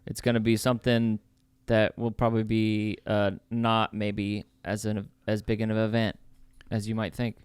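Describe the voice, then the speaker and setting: A man's voice: on the low side, monotone, normal speed, few pauses, smooth, dry recording. A man co-hosting a film podcast in casual chat, laid-back and a bit hesitant. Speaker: podcast co-host.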